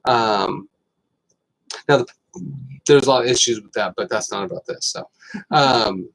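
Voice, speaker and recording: Rambling, animated male health show host. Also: fairly low pitch, unhurried, gravelly, slight background noise, rough recording. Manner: rambling, animated storytelling with fillers. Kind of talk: casual health talk.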